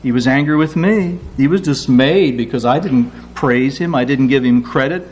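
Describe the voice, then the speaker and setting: A man preaching a sermon, acting out quoted prayers with lively rises in his voice. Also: medium pitch, moderate pace. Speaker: pastor.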